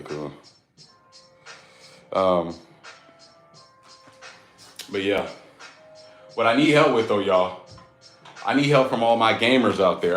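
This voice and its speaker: A man in his thirties chats loosely on his live stream, rambling and breaking into laughter as he talks. His voice sits fairly low. The room is roomy and echoey, with faint music playing behind him. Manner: rambling, playful, laughs often. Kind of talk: casual live-stream chat.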